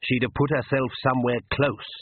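A man's voice: mid-range voice, steady tone, fairly quick, slight background noise, lightly acted. A man voicing a pompous vampire count who talks with heavy, condescending patience, over a tinny radio broadcast.

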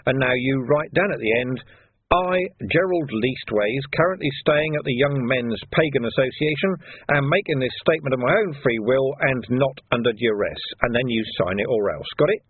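A man's voice: mid-range voice, animated, moderate pace, breathy edge, no echo, voice pushed up. A man doing a sardonic, intimidating police boss. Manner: dry, mock-cheerful, intimidating. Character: shrewd, sardonic male police commander. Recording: dry phone-like narrow sound.

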